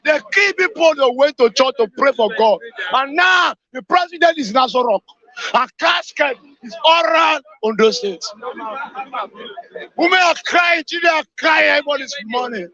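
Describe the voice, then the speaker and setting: A man calling in to a talk show, shouting and weeping as he repeats the same grief-stricken lines. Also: very high-pitched, lively intonation, moderate pace, lo-fi sound. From Nigeria. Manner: shouting, repetitive, anguished. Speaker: caller. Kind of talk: impassioned call-in rant.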